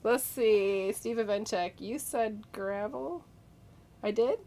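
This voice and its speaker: A hoarse woman who has been sick, with a gravelly voice, reading out chat comments and giggling on a casual live stream. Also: medium pitch, takes it slowly, warm tone. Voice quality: gravelly, smoker-like. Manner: giggly, reads comments aloud. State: hoarse from illness.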